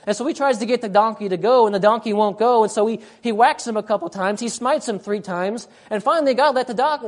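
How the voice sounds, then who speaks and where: A woman preaches a sermon in a fairly high voice, leaning hard on her points. She repeats lines for weight and keeps calling the congregation to listen. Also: a little mellow.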